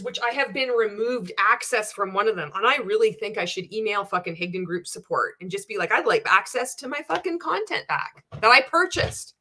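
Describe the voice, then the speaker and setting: A woman's voice: mid-range voice, sharp tone. Sarcastic, foul-mouthed woman ranting. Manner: sarcastic, profane, blunt. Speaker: video commentator. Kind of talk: reaction rant.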